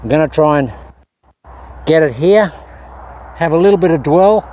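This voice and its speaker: Man, slightly high voice, golf vlogger chatting and coaching himself outside, faint background noise. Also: expressive, normal speed, warm tone. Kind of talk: casual talk to camera while practising. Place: outdoor golf practice area.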